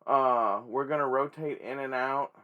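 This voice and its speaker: A man hosting a casual toy-collecting vlog, rambling and swearing freely with excitable energy. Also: medium pitch, a little slow, phone-quality sound. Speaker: toy collector and channel host.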